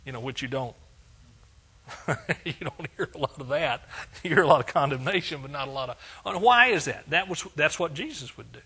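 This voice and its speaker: A male pastor delivers a sermon in a conversational way, often asking his congregation questions. His voice sits a little high and sounds bright and forward. It has a husky, gravelly grain. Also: expressive, brisk.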